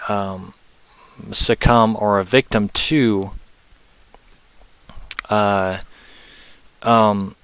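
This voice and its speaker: A man's voice: fairly bright tone, clean tone, no echo. A man giving a casual spoken presentation as a spiritual teacher, rambling with many fillers and tag questions. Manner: rambling, frequent "um" and "right?"; puts on brief high voices for spirits.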